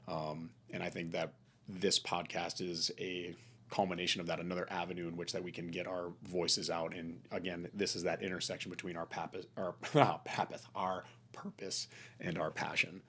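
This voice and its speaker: A young man from Minnesota with a light Minnesotan accent talks in a low, husky voice. He co-hosts a casual podcast, earnest and a little rambling, full of fillers. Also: level tone, normal speed, a bit bright. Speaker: podcast co-host. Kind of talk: casual chat.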